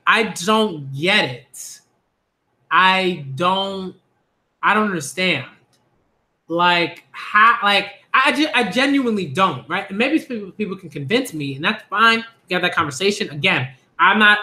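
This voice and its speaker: A man rambles through a casual reaction stream, circling back on himself with likes and you-know-what-I-means. His voice sits high and bright, edging on tense. The room around him rings with echo. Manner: rambling, repetitive fillers, bursts of high laughing excitement. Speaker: manga reaction youtuber.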